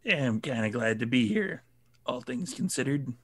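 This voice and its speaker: A man playing his character in a tabletop role-play, gruff, laid-back and sarcastic. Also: mid-range voice, lively intonation, normal speed. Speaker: player.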